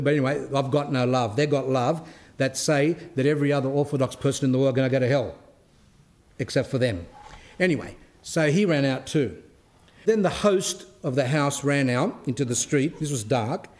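A man, an Orthodox cleric, giving a spiritual talk that mixes a personal story with rhetorical questions and turns animated as the story goes on. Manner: grows animated and high when telling the story.

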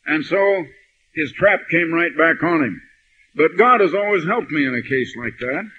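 Older preacher on dull old tape. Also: male voice, a little high, expressive, slight background noise. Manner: anecdotal, slow emphatic scripture reading. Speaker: pastor. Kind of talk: sermon. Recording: dull lo-fi archive sermon recording.

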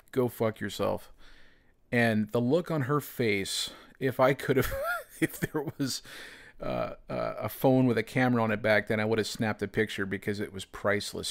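A man's voice: on the low side, creaky. A man hosting a podcast, telling a personal story in a casual, rambling way, full of fillers. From United States. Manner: rambling, heavy use of "you know" and "man". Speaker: podcast host.

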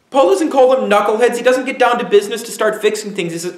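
A man preaching a sermon as pastor, emphatic, with dramatic pauses and acted-out asides. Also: sits high, echoey room.

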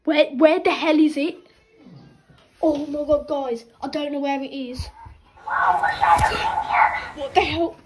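A woman vlogger in a scary-challenge video, talking to her viewers in a hushed, frightened voice that often drops to a whisper. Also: high voice, fairly even intonation, slow pace, long pauses, rough recording.

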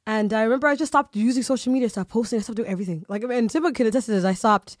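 A woman with a fairly high voice hosts a podcast in a casual, animated way. Her talk is loose and full of fillers like "you know" and "like." The sound is close and dry. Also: very fast, no room sound. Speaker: podcast host.

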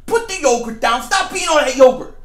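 A male sports vlogger with a loud, excitable manner who often shouts while doing a comedy bit and a fan rant. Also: very high-pitched, fairly quick.

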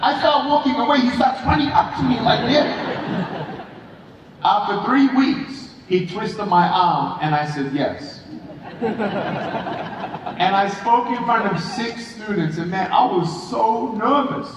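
A high-voiced man delivers a motivational keynote in a huge convention hall, telling his story with playful energy and quick acted-out exchanges. His voice rings with long reverb, picked up from a distance across the room. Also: noisy background. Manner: animated, playful, acts out dialogue. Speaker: motivational speaker. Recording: echoey hall recorded from far off.

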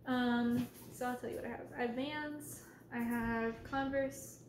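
A soft-spoken woman hosting a casual livestream Q&A as an ASMR creator, reading out viewers' names and questions and now and then scolding her cat. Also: a little high, steady tone, unhurried, echoey room, slight background noise.

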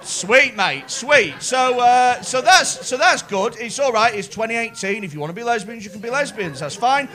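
On a comedy club stage with a handheld mic, a male stand-up riffs with the crowd, teasing and swearing as laughter rings out. His very high, expressive voice runs a little fast and bright, with few pauses.

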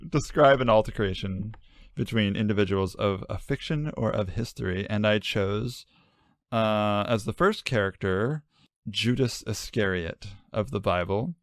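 A man's voice: fairly low pitch, measured pace, dry recording. A man co-hosting a casual podcast with his siblings, reading his own melodramatic story aloud and laughing at it. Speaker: podcast co-host.

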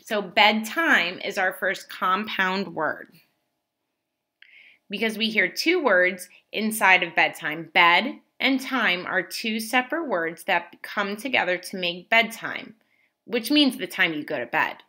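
Slow, bright-voiced woman teaching children. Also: mid-range voice, lively intonation. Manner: slow, clearly enunciated, encouraging praise. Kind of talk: scripted teaching lesson for young children.

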